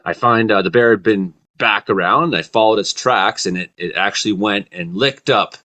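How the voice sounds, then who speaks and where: A man hosting a comedy talk show, telling rambling deadpan stories in a casual chat. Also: on the low side, normal speed. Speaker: comedy weather show host.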